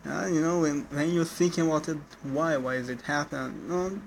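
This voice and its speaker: A man giving casual spoken feedback on someone's speaking skills. He talks haltingly, in non-native English phrasing, and often restarts and corrects himself with "no.". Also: on the high side, fairly even intonation, creaky, slight background noise, poor audio.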